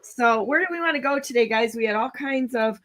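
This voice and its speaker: A woman's voice: on the high side, brisk, fairly bright tone. A woman hosting a casual online talk show, chatty, with many fillers and restarts. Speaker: show host.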